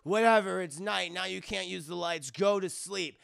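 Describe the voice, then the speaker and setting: A man's voice: high-pitched, moderate pace, creaky, a bit bright, clear, resonant tone, no room sound, clean studio sound, full character voice. A man voicing a lazy, grumbling boyfriend of the mother.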